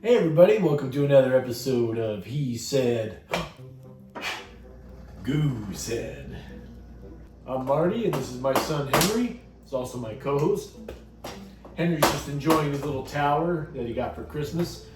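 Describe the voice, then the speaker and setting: A man hosts a comedic vlog with a lively, swooping delivery, full of jokes at his own expense. His voice sounds roomy and a little distant, with music playing clearly behind it. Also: medium pitch, unhurried, pauses often. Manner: jokey, animated, self-mocking. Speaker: host. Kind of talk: comedic casual vlog talk.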